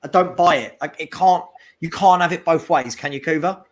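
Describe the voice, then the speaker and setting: Male co-host, fan livestream, lively and slightly higher-pitched. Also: moderate pace, slight background noise. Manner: animated, calls out trolls in chat. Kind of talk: casual fan chat.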